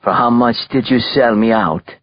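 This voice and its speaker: A man's voice: mid-range voice, moderate pace, muffled recording, lightly acted. A man voicing a cold, defiant Italian professional hitman in an audiobook thriller, blunt and hard-edged.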